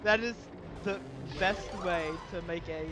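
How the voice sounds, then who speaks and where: Male co-host, high voice, giggly and animated, over clear game music. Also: a little slow. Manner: animated, laughs often, trips over his words. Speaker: co-commentator on stream. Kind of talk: casual chat.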